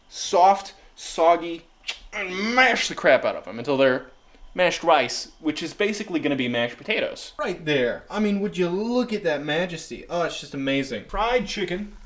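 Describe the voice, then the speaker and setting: Guy doing a jokey fake-serious cooking vlog, pitch bouncing all over, kinda high. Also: expressive, a little slow. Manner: playful, mock-earnest, hypes up bad food. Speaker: cooking vlogger. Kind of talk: jokey mock cooking show narration.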